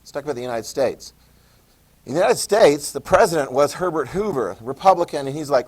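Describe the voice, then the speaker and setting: A man teaching a high school history lesson in a casual lecture style, full of sarcastic asides and telling students to write things down. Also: big pitch swings, fairly quick, husky.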